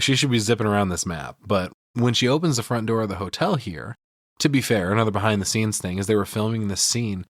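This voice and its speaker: Male podcast host, lowish pitch, dry close sound, swears freely, walks through scenes in detail. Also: no room sound. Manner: profane, retells scenes with mimicked lines. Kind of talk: casual film breakdown chat.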